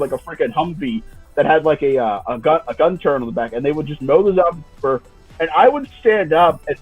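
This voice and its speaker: A man's voice: fairly high pitch, slightly rough, no echo. Man telling a story on a tinny line. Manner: halting, repeats words as he goes. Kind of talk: casual storytelling.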